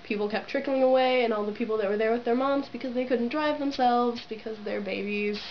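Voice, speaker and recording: A woman's voice: fairly high pitch, a little fast, slight background noise. A young woman telling a story to her camera in a giddy, giggly way, gushing and full of "like" fillers, on dull lo-fi camera audio. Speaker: vlogger. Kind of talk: excited casual storytelling to camera.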